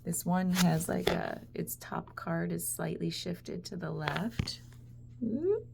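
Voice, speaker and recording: Woman vlogger, casual rambling reflection, heavy vocal fry, lower pitch. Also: little pitch movement, slow pace, very noisy. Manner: rambling, chatty, laughs often, many "like"s.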